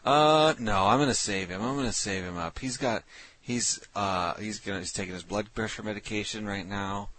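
A man hosting a radio prank show, chatting casually and playing it deadpan on calls. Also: on the low side, moderate pace. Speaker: prank caller and radio host.

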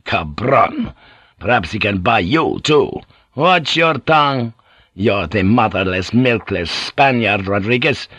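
A man's voice: lowish voice, lively intonation, slow, fairly bright tone, slightly rough, no room sound, heavily acted. A man reading an audiobook, voicing a furious, superstitious middle-aged ship commander who blusters and curses. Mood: raging. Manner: blustering, cursing.

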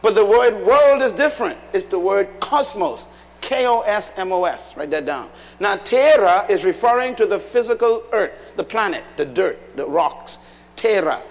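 A man preaching a sermon, emphatic, putting questions to the congregation. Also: high voice. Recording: long hall reverb.

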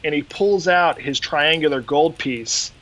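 A man's voice: fairly high pitch, unhurried, a little hiss or hum, low-quality recording. A man hosting a podcast, retelling an episode in casual chat and acting out quotes along the way. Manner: animated retelling with acted quotes. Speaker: podcast host.

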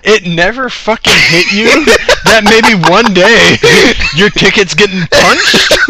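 A man's voice: high voice, lively intonation, takes it slowly, pushed and bright, slight background noise, rough recording. A man telling a story in casual chat, swearing freely and laughing often between phrases.

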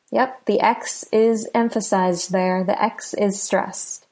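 An American woman teaching English pronunciation, patiently repeating each word slowly and clearly. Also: mid-range voice, steady tone, a little mellow. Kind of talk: slow, clear pronunciation lesson.

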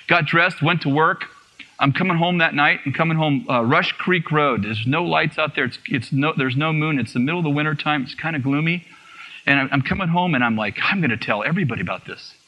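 A man giving a personal testimony in a sermon, telling his story in an animated way, acting out what was said and laughing often. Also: a little high, a little fast. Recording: muffled radio broadcast.

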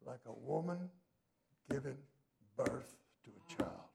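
A male pastor preaching a sermon with emphasis, his delivery swinging from hushed to loud. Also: medium pitch, slow pace, creaky, heavy background noise.

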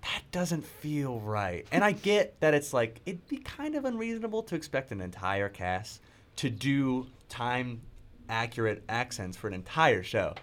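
A man's voice: mid-range voice, big pitch swings, a little slow, a bit bright. A man in a theater cast, chatting earnestly and thinking aloud in a radio interview. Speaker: cast member of a youth theater show. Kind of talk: casual interview chat.

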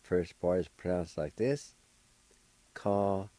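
A man's voice: low-pitched, unhurried, mellow, no room sound, low-quality recording. A middle-aged man, patiently spelling and pronouncing words as a radio language teacher. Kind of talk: slow spelling and pronunciation lesson.

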